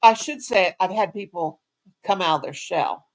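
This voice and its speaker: A woman's voice: lowish voice, normal speed, background noise. A woman hosting a casual live chat, rambling in a folksy way and calling people "sugar" and "honey.". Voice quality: folksy, rambling talk with Southern-style endearments. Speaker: channel host.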